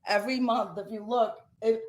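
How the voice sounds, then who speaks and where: A woman's voice: fairly high pitch, normal speed. A middle-aged woman from Brooklyn with a New York accent, telling an emotional story as a guest author in a casual interview. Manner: animated, emotional storyteller, voice rising as she tells it.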